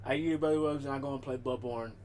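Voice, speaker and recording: A man's voice: medium pitch, steady tone, fast talker, a little mellow, slight background noise. A man livestreaming and chatting casually, rambling and swearing as he talks to his cat, often cutting himself off and restarting. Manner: frequent self-interruptions and restarts. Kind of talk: casual stream chat.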